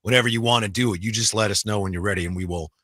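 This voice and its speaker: A man's voice: on the low side, rapid-fire, fairly bright tone, dry recording, clean studio sound. A man co-hosting sports radio, easygoing as he cues up segments. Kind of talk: casual sports talk.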